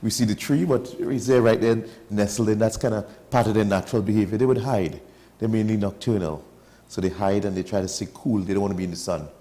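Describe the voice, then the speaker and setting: Man, Trinidadian accent, lowish mellow voice, chatty TV guest who jokes while explaining. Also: fast talker. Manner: chatty, joking, explains with local sayings. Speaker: studio guest explaining wildlife. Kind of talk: casual chat on a morning TV show. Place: TV studio.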